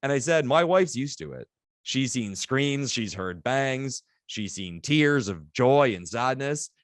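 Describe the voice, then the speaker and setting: A man co-hosting a casual sports podcast, telling stories in an excitable, animated way. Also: medium pitch, slow, no room sound, clean studio sound. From Canada. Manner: excitable, animated storytelling with laughs. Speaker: podcast co-host.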